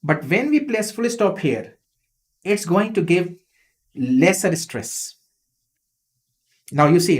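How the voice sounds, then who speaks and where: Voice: mid-range voice, lively intonation, slow pace, pauses often. A teacher giving an online exam-prep lesson, explaining step by step and acting out the example sentences with expression. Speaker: English teacher.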